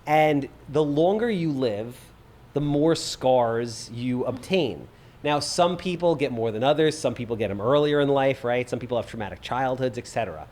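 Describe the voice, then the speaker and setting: A middle-aged man hosting a casual podcast chat, blunt and opinionated, tossing in curses without a second thought. His voice sits at an ordinary middle pitch. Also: normal speed, darkish tone. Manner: blunt, opinionated, swears freely. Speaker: podcast host.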